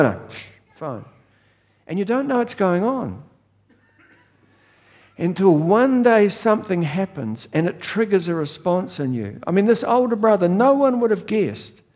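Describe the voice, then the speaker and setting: A man's voice: fairly high pitch, darkish tone, in a large hall. Chuckling New Zealand man preaching. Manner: folksy storytelling, chuckles often. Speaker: pastor. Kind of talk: sermon.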